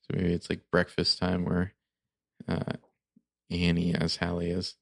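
Man, podcast co-host, very low voice, gravelly, wry asides, dry recording. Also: completely flat delivery, a little slow, a bit bright, no echo. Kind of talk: casual movie-discussion chat.

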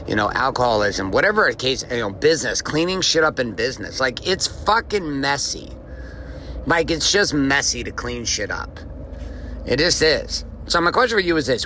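A man hosts a motivational podcast, telling a story with profanity. His voice is bright and forceful, and his pitch swings widely with lively animation. A faint vehicle noise hums in the background. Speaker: podcast host.

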